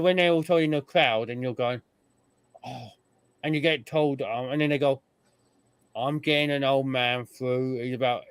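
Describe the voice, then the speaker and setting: Animated man, smooth dry voice. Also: on the high side, no echo. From United Kingdom. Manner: animated storyteller, mimics people he describes. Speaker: podcast host. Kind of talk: casual chat.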